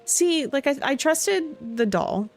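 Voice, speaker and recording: A woman's voice: high-pitched, takes it slowly, soft background music. A woman streaming a game, reading the on-screen text aloud with small asides to herself. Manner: reads in an even tone, with small asides and restarts.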